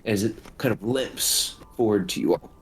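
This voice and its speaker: A man narrating as game master of a tabletop game, in a measured, descriptive way. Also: on the low side, husky.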